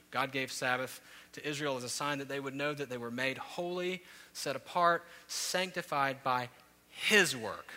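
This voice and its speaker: A man in his thirties preaches in a church sanctuary, his voice very bright and forceful. A long reverb trails each phrase, and his storytelling swells into loud, animated peaks before settling back. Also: medium pitch. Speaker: pastor. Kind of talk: sermon.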